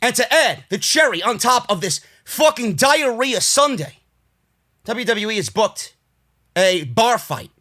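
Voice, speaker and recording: A man with a New York accent ranting furiously and profanely as he reviews a wrestling show, swinging between shouting and tired grumbling. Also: very high voice, sing-song, a little slow.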